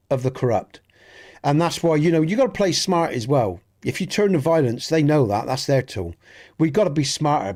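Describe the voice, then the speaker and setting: A man's voice: on the high side, darkish tone. A man with a Dorset accent chatting with live viewers while streaming a game, talking in an earnest, rambling way and often restarting his sentences. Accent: Dorset English. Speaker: gaming streamer. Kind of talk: casual chat with live viewers.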